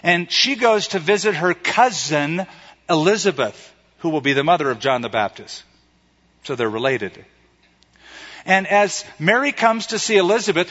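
A male preacher giving a sermon in a conversational, animated way, retelling stories and acting out quotes. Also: on the high side. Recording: echoey hall, slightly dull sound.

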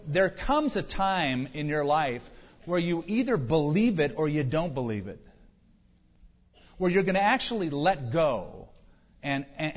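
A male pastor preaching a sermon, driving points home with emphatic rhetorical questions. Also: fairly high pitch. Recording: dull reverberant hall recording.

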